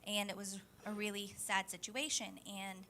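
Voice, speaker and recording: A woman's voice: medium pitch, level tone, normal speed, bright, forceful tone, a little hiss or hum. A woman who leads a kids' church program, speaking to the congregation in an upbeat, chatty way. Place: church service.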